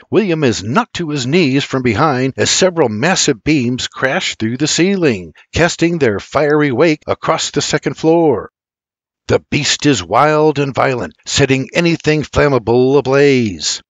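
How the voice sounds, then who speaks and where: An older man narrates an audiobook from a script, telling the story intensely and dramatically. His voice is mid-range, and there's no echo.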